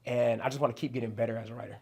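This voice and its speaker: This young rapper from New Jersey speaks at a racing clip in a medium-pitched, slightly rough, somewhat mellow voice with little pitch movement. Chatting casually as an interview guest, he's slangy and loose, swears plenty, and keeps saying "you know what I'm saying."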